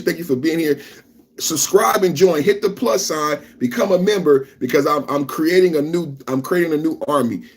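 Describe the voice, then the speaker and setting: A man hosting a live reaction podcast, ranting loudly, repeating himself and talking straight to his chat. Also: fairly high pitch, slightly rough. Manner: loud, repetitive, talks straight to chat. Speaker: podcast host.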